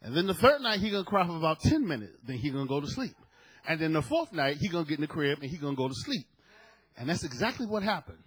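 High, lively, husky-voiced preaching man. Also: fast. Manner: swings between hushed storytelling and loud preaching shouts; acts out the people in his story with voices. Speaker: pastor. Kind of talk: sermon with storytelling.

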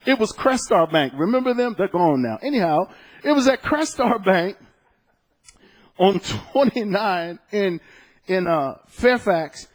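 A man preaching a sermon as pastor, telling a personal story, swinging between loud exclaiming and soft, hushed storytelling. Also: sits high, animated, measured pace.

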